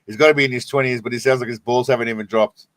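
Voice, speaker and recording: A man's voice: medium pitch, fairly even intonation, rapid-fire, a bit bright, no echo. A man casually commenting on clips during a live stream, rambling and swearing freely with many restarts.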